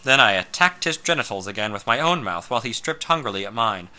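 Man, story narrator, very bright voice, medium pitch, measured reading. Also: expressive. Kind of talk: first-person story reading.

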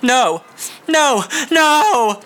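A man reading aloud, voicing an anguished young man who pleads and shouts in desperation. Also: on the high side, very animated, a little fast, soft background music, pitched above the performer's own voice, full character voice. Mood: anguished, shouting. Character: anguished young man, guilt-torn and frantic.

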